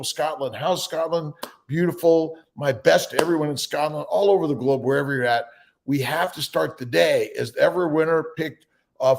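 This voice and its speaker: A man with a gravelly, creaky voice, hosting a casual morning livestream. He rambles loosely, stalls on fillers and reads out viewer names as they come in. His pitch sits in the middle for a man. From United States. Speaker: livestream host.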